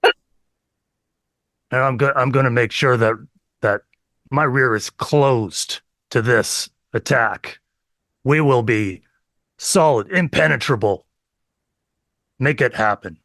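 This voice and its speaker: A man's voice: mid-range voice, slow, pauses often, a bit bright, no room sound, clean studio sound. A man playing a pompous boastful emperor. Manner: pompous, self-praising. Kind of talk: improvised comedy role-play.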